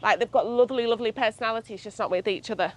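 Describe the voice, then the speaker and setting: A woman's voice: a little high, racing. A woman who owns dogs, talking casually about them, quoting herself and swearing now and then. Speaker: dog owner. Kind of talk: casual consultation.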